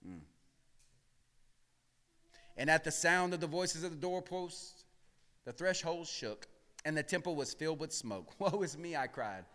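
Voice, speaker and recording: A male pastor preaching a sermon in a church. He drops to hushed murmurs, then rises to shouted emphasis, and calls on the congregation to answer back. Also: a little high, unhurried, pauses often, long reverb tail. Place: church sanctuary.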